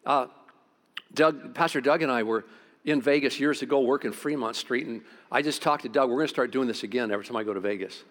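A middle-aged pastor, preaching a sermon through stories, swinging between loud outbursts and quiet, intense moments. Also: male voice, mid-range voice, fast. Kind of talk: sermon with storytelling.

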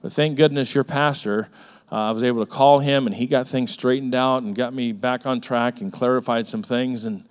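A middle-aged man preaching a sermon as a pastor, telling stories with lively repetitions and acting out the voices of the people in them. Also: medium pitch. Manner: animated storytelling with frequent repetitions and acted-out voices.

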